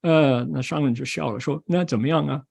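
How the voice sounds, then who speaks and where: A man's voice: on the high side, fairly quick, vocal fry, a little mellow, breathy edge. An older man giving a Buddhist Dharma talk, telling a story and acting out the people in it. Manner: switches between Mandarin and English, acts out quoted voices.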